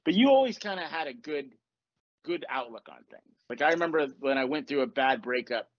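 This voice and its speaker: A middle-aged man hosting a podcast, telling stories in a casual, animated way, swearing freely and laughing often. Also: fairly high pitch, a little fast, no echo. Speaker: podcast host. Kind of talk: casual storytelling chat. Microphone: podcast mic. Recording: dull lo-fi podcast audio.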